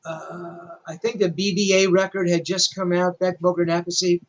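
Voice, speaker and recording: A man's voice: sits high, little pitch movement, moderate pace, lo-fi sound. An older male rock journalist telling a story animatedly, with self-deprecating humor. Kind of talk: storytelling interview.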